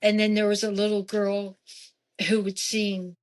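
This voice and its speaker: A woman guest on a podcast telling a personal story in a casual, animated way. She acts out quoted lines of dialogue and often breaks off into asides. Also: medium pitch, a little slow. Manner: frequent asides and restarts.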